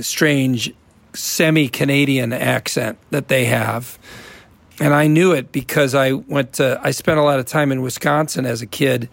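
A man's voice: a little high, gravelly, no echo. A man from the American Midwest, a guest on an interview show, chatting casually and rambling with restarts. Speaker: guest actor.

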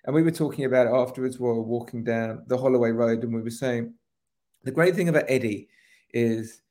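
Casting: male podcast co-host, mid-pitched, talks in long, emphatic runs. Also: quick pace, a little mellow. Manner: rambling, emphatic, swears. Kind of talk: casual podcast chat.

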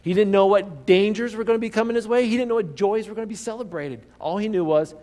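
Guy preaching a sermon, kinda high voice, gets loud then goes real quiet, keeps asking the crowd questions. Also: fast, hardly any pauses, big-room sound. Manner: animated storytelling, swinging from loud emphasis to hushed asides; asks the congregation rhetorical questions. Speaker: pastor.

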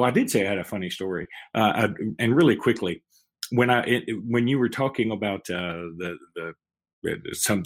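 A man, co-hosting a casual sports podcast from a hotel room, rambling with many restarts and laughs. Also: on the low side. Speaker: podcast co-host.

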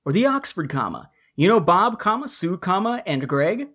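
A man's voice: high-pitched, very animated, normal speed, fairly bright tone, husky. A man hosting a casual podcast discussion, chatty and jokey, laying out his points in order. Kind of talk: casual book-review discussion.

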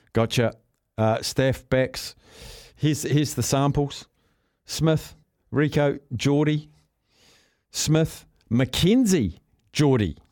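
His voice sits fairly high with a darkish tone, recorded at studio quality without echo. He's a New Zealand radio host in the studio, keeping casual sports talkback laid-back and jokey while reading out what listeners sent in.

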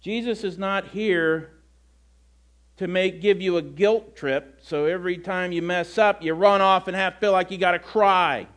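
A man preaching a sermon, retelling scripture in a conversational, animated way. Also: high-pitched, a little slow. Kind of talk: sermon, storytelling.

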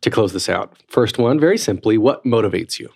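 A relaxed podcast host working through interview questions. The pitch moves lively, and it sits in the middle range. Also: brisk, creaky, slightly rough.

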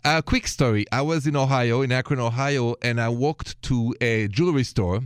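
A man hosts a late-night radio advice show in a studio. His voice is mid-pitched, close and dry. He talks to callers in an encouraging, chatty way. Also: moderate pace, smooth, no room sound. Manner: warm, encouraging, speaks with a thick accent. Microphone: studio microphone.

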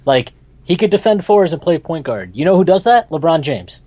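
A man's voice: a little high, big pitch swings, moderate pace, warm tone, dry recording. A man co-hosting a casual sports talk show, blunt and emphatic, getting fired up as he argues. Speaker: podcast co-host. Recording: dull lo-fi sound.

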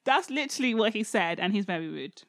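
A woman telling Bible stories in casual chat, animated and laughing, acting out characters' lines. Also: mid-range voice, fast talker, no room sound, studio quality.

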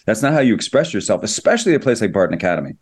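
Fast-talking middle-aged man, lowish voice. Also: sing-song, husky. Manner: rapid, enthusiastic, many restarts. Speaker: screenwriter and producer. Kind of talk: interview, anecdotal storytelling.

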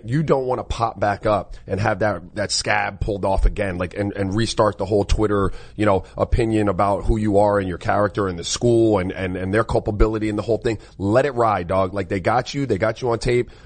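A man's voice: lowish voice, no room sound. A man in his forties, a former pro player, talking sports casually with lots of slang and fillers.

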